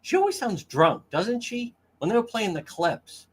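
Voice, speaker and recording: A man's voice: high-pitched, sing-song, normal speed, hardly any pauses, husky. A man hosting a casual livestream, crude and mocking as he reads comments from chat. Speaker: livestream host.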